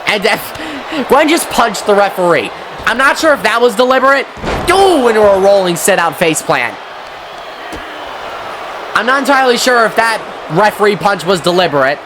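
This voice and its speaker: High-pitched guy yelling wrestling play-by-play, swears a lot, noisy hiss in the recording. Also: normal speed, pauses often. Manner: excitable, sweary, often shouting at the action. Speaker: wrestling commentator. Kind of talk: play-by-play video game commentary.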